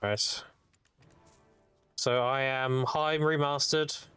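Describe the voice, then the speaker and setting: A man's voice: mid-range voice, fairly even intonation, measured pace, pauses often, fairly bright tone, smooth, no echo, faint music behind. A British man streaming a game, chatting casually, joking and reading out chat. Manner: joking, swears, reads out chat.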